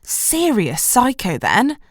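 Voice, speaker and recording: A woman reading an audiobook, voicing a bubbly, caring young best friend who talks high and excitably. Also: takes it slowly, no room sound, studio quality, heavily acted. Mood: gushing.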